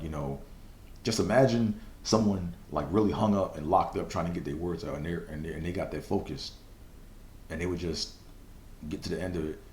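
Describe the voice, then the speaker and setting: Deep-voiced man rambling on a podcast. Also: roomy sound, a little hiss or hum. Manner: loose, rambling storytelling with many fillers and profanity; stutters at times. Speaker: podcast host. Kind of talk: casual solo podcast monologue.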